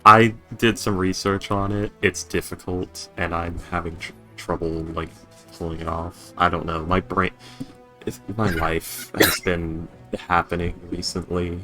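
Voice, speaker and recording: A man with a low voice plays in a tabletop game, joking in a dry, low-key way. Faint music sits behind him. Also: little pitch movement, unhurried, pushed and bright. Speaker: player. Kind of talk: casual tabletop chat.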